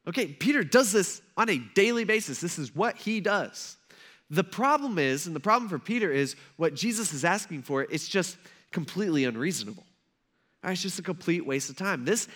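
A man's voice: high-pitched, fairly bright tone. A male pastor preaching a sermon in a conversational storytelling manner, with plenty of casual asides.

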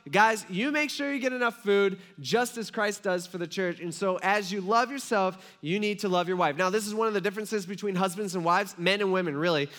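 A man's voice: high-pitched, brisk, few pauses, fairly bright tone. A man preaching a sermon as a pastor, telling a story in a casual, joking way with many asides.

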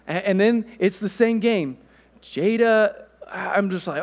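A man in his thirties preaching a sermon, telling a family story in a relaxed, conversational way. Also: high-pitched, slow, in a large hall. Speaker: pastor.

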